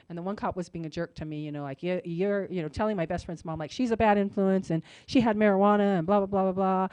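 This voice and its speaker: A woman co-hosting a radio talk show, telling a story in a casual, animated way with lots of "like" and "you know", and acting out the other people's voices. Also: fast, hardly any pauses, smooth, dry recording, dull audio. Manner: animated, acts out quoted voices with big pitch jumps.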